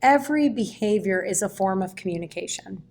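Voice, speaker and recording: Animated woman educator telling stories. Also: medium pitch, fairly quick, creaky. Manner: animated, expressive storyteller. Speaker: guest educator. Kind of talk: conversational storytelling.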